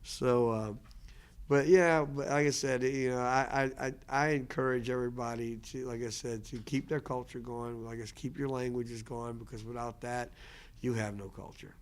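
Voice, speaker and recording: A man's voice: medium pitch, fairly even intonation, normal speed, clear, resonant tone. A man who teaches language, speaking in a casual, earnest lecture style with frequent restarts and repetition. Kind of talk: casual lecture answering questions.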